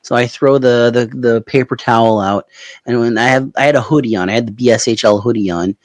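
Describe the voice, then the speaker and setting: A man with a Canadian Maritimes accent tells a meandering anecdote on a podcast, chuckling as he goes. His voice sits at an everyday pitch, recorded close and dry. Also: brisk, no room sound. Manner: rambling anecdotal, laughs at own story. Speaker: podcast co-host. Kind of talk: casual storytelling chat.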